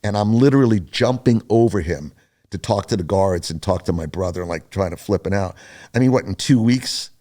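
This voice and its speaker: An older man, a podcast guest, telling a story casually, animated and profane. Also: deep voice, fairly quick.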